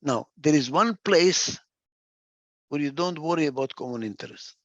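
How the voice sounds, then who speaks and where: A man with a somewhat high, gravelly voice delivers a reflective talk, close and dry with no room sound. He hammers ideas home by repeating short phrases. Now and then he gropes for a word and restarts the sentence. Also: lively intonation, normal speed, no echo, dull audio. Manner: emphatic, repeats key phrases for stress; gets lost for a word and restarts. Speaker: speaker.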